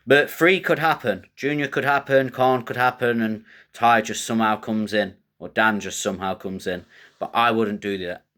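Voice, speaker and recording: A man with a fairly low voice talks through fight predictions and odds. He is blunt and coarse, and he rambles in a loose, casual flow. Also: fairly even intonation, moderate pace, pushed and bright. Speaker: MMA betting tipster host.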